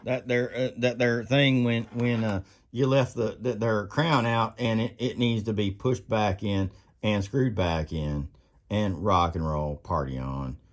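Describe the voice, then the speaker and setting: A man hosting a casual workbench vlog, rambling and laughing, breaking into sudden high whoops. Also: a little slow. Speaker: channel host. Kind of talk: casual tool-bench vlog.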